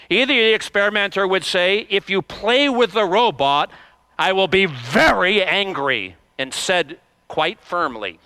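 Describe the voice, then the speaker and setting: A man's voice: fairly high pitch, pushed and bright, clean tone, no room sound. A man preaching an earnest sermon, rising in emphasis on key points and calling on the congregation to repeat lines after him.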